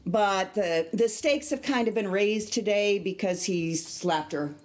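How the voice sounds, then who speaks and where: A woman theatre director on a podcast, explaining a play in an expressive, measured way. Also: medium pitch. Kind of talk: casual podcast chat.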